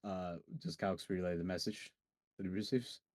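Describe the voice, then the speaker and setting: A man's voice: sits low, steady tone, normal speed, darkish tone, dry recording. A man playing a tabletop game, hesitant and thinking aloud with many restarts. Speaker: player. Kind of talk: casual tabletop play.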